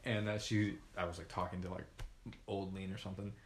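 A man with Southern family roots chatting casually, throwing in quick teasing jokes and playful Southern impressions. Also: deep voice, flat delivery, roomy sound, a little hiss or hum. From Southern United States. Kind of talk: casual chat.

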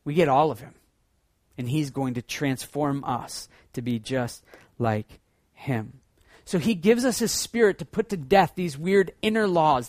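A man preaching a sermon as pastor, swinging between loud excited bursts and hushed low passages. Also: unhurried, no echo, clean studio sound.

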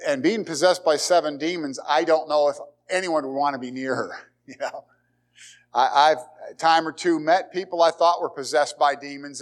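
A man preaches to his congregation in a church, his voice sitting a little high for a man. He talks conversationally and builds his points through repeated phrases and dramatic pauses. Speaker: pastor. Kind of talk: sermon. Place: church sanctuary.

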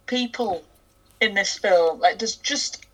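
A woman's voice: medium pitch, slow, over a noisy crowd, poor audio. A woman in casual conversation, mostly chiming in with short reactions and questions. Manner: brief reactive interjections and questions. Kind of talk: casual chat.

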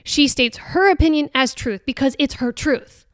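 A woman's voice: high voice, normal speed, no echo, clean studio sound. A woman hosting a podcast, talking casually and earnestly about a book, hesitant, with many restarts and fillers. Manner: earnest and chatty. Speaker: podcast host. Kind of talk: casual reflective talk on a book.

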